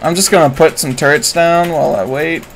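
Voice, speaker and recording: A man giving live commentary while streaming a game, excitable and prone to swearing and sudden shouts. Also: on the high side, fairly quick, slight background noise, poor audio.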